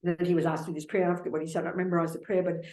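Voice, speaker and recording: A woman's voice: lowish voice, little pitch movement, racing, a little mellow. Blunt woman teacher, echoey hall. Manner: blunt, repetitive, calls listeners darling and sweetheart. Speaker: Buddhist nun teacher. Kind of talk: dharma teaching with Q&A. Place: meditation center hall.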